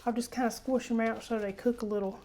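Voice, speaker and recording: A woman's voice: fairly high pitch, fairly even intonation, quick pace, mellow. A woman hosting a casual cooking demonstration in her home kitchen, chatty and homey, calling viewers honey. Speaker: cooking show host.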